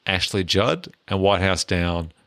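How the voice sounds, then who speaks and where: A man's voice: sits low, a little slow, a bit bright, no echo, studio quality. A man co-hosting a casual film podcast, running the segments with wry jokes. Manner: runs the segments, wry and joking. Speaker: podcast co-host. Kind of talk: casual chat.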